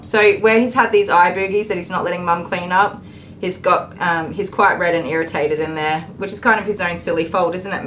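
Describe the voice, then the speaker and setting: A woman's voice: on the low side, fairly bright tone, slight background noise. Joking Australian woman dog groomer. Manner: joking, soothing baby talk to the dog. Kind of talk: live-stream grooming commentary.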